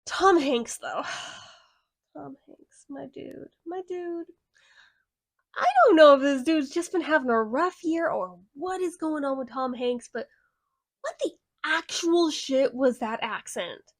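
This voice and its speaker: A woman's voice: high voice, expressive, a little slow, dry recording, clean studio sound. A young woman giving a casual spoken movie review in a blunt, sarcastic way, swearing freely.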